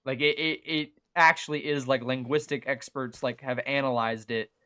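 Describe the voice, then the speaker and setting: A young man with a mild Southern American accent talks through a game livestream in a loose, rambling way, stopping and restarting his thoughts. His voice sits at a middling pitch with a bright, forward edge. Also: steady tone, moderate pace, clear, resonant tone. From Southern United States. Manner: rambling, chatty, many fillers and restarts. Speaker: gaming livestreamer. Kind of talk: casual livestream chat while playing.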